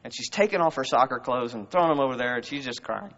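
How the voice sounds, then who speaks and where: A pastor preaches to his congregation in a church, taking a conversational approach packed with rhetorical questions. His mid-range voice is expressive and fairly bright, and he talks fast. The recording sounds muffled with a long hall reverb.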